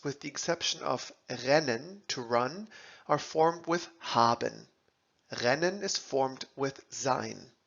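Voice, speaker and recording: A man narrating a scripted language lesson, deliberately sounding out German words and their translations, in a dull lo-fi recording. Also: on the high side. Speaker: language teacher.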